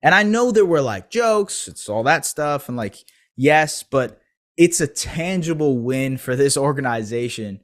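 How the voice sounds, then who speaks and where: A man's voice: mid-range voice, expressive, measured pace. A man recapping a basketball game alone, talking in a loose, analytical, casual way. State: eating pizza while talking. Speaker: basketball podcast host. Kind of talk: solo game recap commentary.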